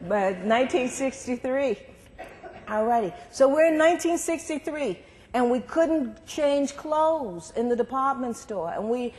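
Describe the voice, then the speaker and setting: A woman giving a storytelling lecture at a university, animated and acting out the people she quotes. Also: fairly high pitch. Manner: animated, acts out quoted voices. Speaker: guest speaker. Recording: long hall reverb.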